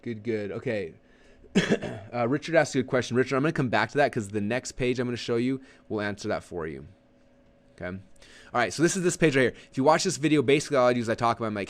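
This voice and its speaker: Fast-talking man hosting a live webinar. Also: mid-range voice. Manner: rambling, with many restarts and quick acted-out asides. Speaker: online marketing coach.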